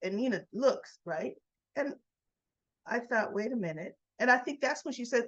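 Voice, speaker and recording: A woman's voice: medium pitch, big pitch swings, normal speed, muffled recording. A woman vlogger giving a casual recap of a soap opera episode, telling it as a story and acting out the characters' lines.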